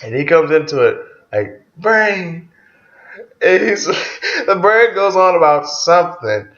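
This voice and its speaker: A man talks through an album track by track in a loose, profane, casual way, chuckling often. His voice sits a bit high. The recording sounds roomy and dull, like lo-fi gear. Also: big pitch swings, a little slow, fairly bright tone. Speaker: album reviewer.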